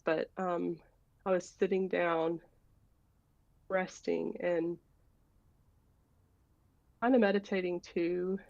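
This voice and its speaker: Woman caller, gravelly voice, slow and rambling, dull dry call audio. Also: lowish voice, darkish tone, no echo. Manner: rambling, hesitant, many fillers and restarts. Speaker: caller asking a question. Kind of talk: casual personal story. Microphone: video call.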